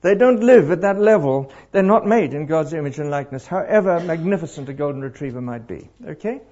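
A middle-aged man preaching to a congregation, animated and throwing questions out to the crowd. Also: on the high side, brisk. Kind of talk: interactive sermon. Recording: dull lo-fi live recording.

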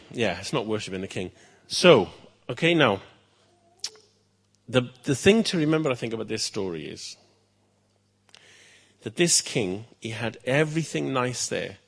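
A male pastor telling a story to children in church, lively, with chatty asides. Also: medium pitch, measured pace, gravelly, pauses often, breathy edge.

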